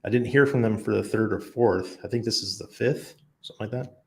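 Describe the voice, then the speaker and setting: A crypto livestream host at home in Panama casually reads out comments from viewers and replies on the spot in a chatty way. He speaks a little fast with a fairly low-pitched voice.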